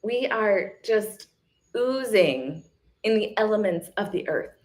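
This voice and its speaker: A woman's voice: medium pitch, lively intonation, slow, darkish tone. A woman hosting a live self-love retreat, giving an emphatic, casual motivational talk. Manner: emphatic, repetitive coaching; casual, chatty.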